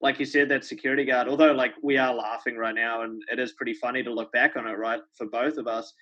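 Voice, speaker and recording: A man's voice: medium pitch, level tone, fast, bright, forceful tone. A man hosting a podcast, speaking earnestly and reflectively, often adding "right?" as he talks. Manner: earnest, reflective, many tag questions. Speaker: podcast host. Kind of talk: podcast interview. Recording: dull lo-fi podcast sound.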